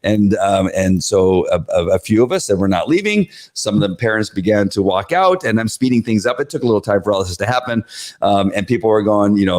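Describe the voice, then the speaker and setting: A man hosting his own show, recapping a school board meeting in casual talk, animated and full of fillers, jumping up in pitch when he acts out the crowd. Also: fairly quick.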